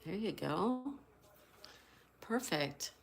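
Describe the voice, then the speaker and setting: A woman's voice: lowish voice, lively intonation, drawn-out words, gravelly. Chatty woman hosting a crossword livestream. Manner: reads chat aloud, greets viewers warmly, spells answers letter by letter. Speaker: livestream host. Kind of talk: casual livestream chat.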